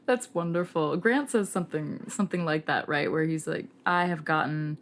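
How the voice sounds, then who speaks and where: A woman's voice: low voice, expressive, moderate pace. A woman hosting a podcast, flirtatious and wry, talking while lying in bed. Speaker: podcast host. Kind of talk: scripted intro narration and casual interview chat.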